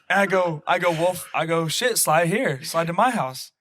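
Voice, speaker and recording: A young man tells a buddy story in animated, slangy podcast talk, jumping into what everyone said. His voice sits a touch high and sounds bright and tense. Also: normal speed, dry recording, clean studio sound. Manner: animated, slangy, acts out quotes. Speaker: podcast co-host. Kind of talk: casual storytelling.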